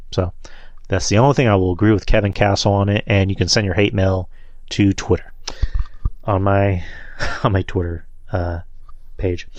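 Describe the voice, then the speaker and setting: A man's voice: fairly low pitch, no room sound. A man hosting a wrestling podcast, reviewing matches in a loose, rambling way and swearing freely. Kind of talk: casual solo show review.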